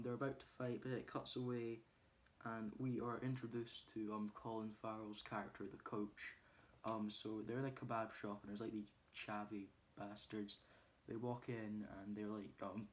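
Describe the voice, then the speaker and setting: Man, fairly low voice, rambling casual film recap, lots of ums, faint background hiss. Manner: rambling with many ums and uhs; acts out quoted lines loudly. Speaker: movie reviewer. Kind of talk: casual spoiler review.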